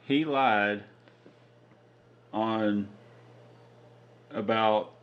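A man's voice: lowish voice, steady tone, very slow, muffled recording. A man co-hosting a casual podcast, reading out news items in a dry, matter-of-fact way. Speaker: podcast co-host. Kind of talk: casual chat.

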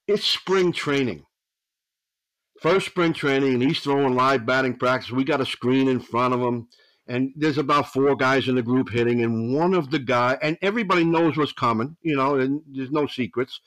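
A man, a veteran pitching coach, telling rambling stories as a podcast guest, with frequent restarts and 'you know's. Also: normal speed, fairly bright tone, no echo, poor audio. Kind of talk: storytelling podcast interview.

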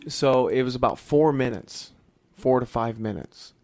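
A man's voice: mid-range voice, measured pace, darkish tone. Regular guy telling a meandering story, lots of uhs, mid-range voice. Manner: rambling anecdote with many fillers and restarts. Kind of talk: casual chat, storytelling.

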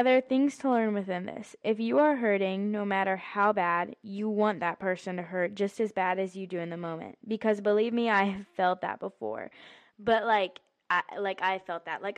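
A woman hosting a podcast, giving an earnest, casual faith talk full of "like" fillers. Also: mid-range voice. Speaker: podcast host.

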